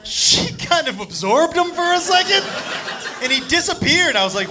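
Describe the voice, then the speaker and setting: A male stand-up comedian telling a crude story, animated and loud, shouting his punchlines. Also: very high voice, normal speed, a crowd in the background. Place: comedy club stage. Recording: live club set with audience laughter and noise. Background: audience laughing.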